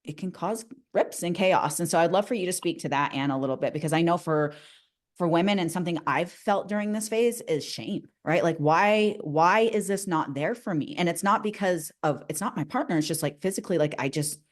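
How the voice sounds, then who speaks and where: A woman's voice: fairly low pitch, a little fast. A woman co-hosting a podcast, speaking openly and emphatically about her personal experiences in a casual conversation. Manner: open, candid, emphatic. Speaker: podcast co-host.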